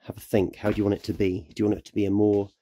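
A man's voice: fairly low pitch, level tone, rapid-fire, dark tone, lo-fi sound, a little hiss or hum. A man who is ill, chatting casually through a how-to vlog as a photographer, rambling and correcting himself. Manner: rambling, self-correcting, apologetic. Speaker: photographer and self-publisher.

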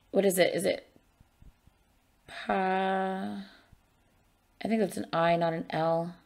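A woman hosting a casual music reaction video, chatting excitedly to herself like an eager fan. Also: medium pitch, drawn-out words, vocal fry, long pauses. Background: faint music from the song being reacted to.

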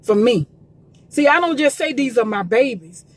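Lady live on her phone, husky voice kinda high, preachy and repeats herself a lot. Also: animated, normal speed. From Columbus, Georgia. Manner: emphatic, repetitive, preachy. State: emotional, near tears. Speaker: gospel promoter. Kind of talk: live social media talk. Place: in a car by the road.

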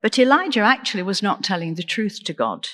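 A woman deacon preaching a sermon in an earnest, measured way, asking the congregation questions. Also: mid-range voice, big pitch swings, pushed and bright, long reverb tail. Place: church.

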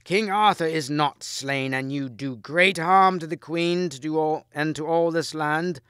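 Man playing a very old archbishop, stern, slow solemn warnings, clear close voice. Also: mid-range voice, fairly bright tone, no echo, pitched above the performer's own voice, natural voice.

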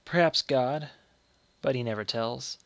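Man reading a bitter, worn-down mother in a storybook reading; slow and dry. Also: mid-range voice, a bit bright, no room sound. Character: bitter, weary mother of modest means.

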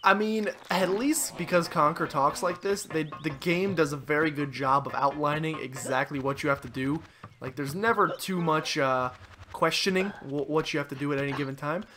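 A young man giving casual, jokey let's play commentary, excitable and talking to the game figures. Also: on the high side, moderate pace. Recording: voice over loud game music. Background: game music.

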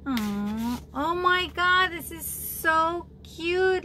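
A woman chatting casually while opening mail on a home craft vlog, gushing and excitable with frequent exclamations. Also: very high-pitched, slow pace, a little hiss or hum. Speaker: craft vlogger opening birthday challenge mail. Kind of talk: casual unboxing chat.

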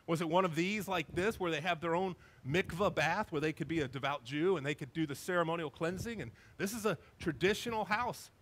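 A male pastor preaching a sermon in an animated, emphatic storytelling manner. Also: a little high, brisk, few pauses.

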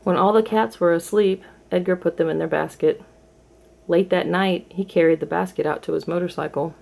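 A woman reading a children's storybook aloud in a clear, measured storytelling manner. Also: lowish voice, steady tone, a little mellow. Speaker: storybook reader. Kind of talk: storybook read-aloud for kids.

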